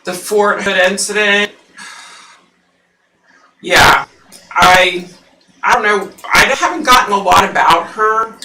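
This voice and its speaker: A woman hosting a psychic livestream, chatting casually with viewers and laughing often; her voice sounds unusually deep through the mic. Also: slow pace, long pauses, sharp tone, roomy sound, distant mic, rough recording.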